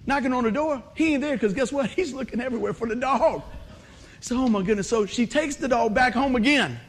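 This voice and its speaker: A man's voice: very high voice, fairly quick. A male pastor, telling a funny story in a sermon, laughing often and acting out the voices.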